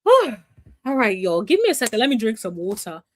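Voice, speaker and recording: A fast-talking woman with a medium-pitched voice and lively intonation gives casual commentary as a reality TV recap vlogger. She's chatty, emphatic and opinionated, calling her viewers y'all and honey.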